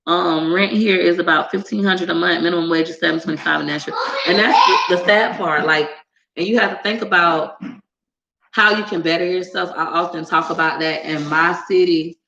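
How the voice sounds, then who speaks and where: A sassy American woman with a gravelly voice chats casually to camera at a moderate pace, answering viewer comments as a YouTuber. She's animated, leaping into high squeals when acting out others. The sound is roomy with cut-off highs and slight background noise.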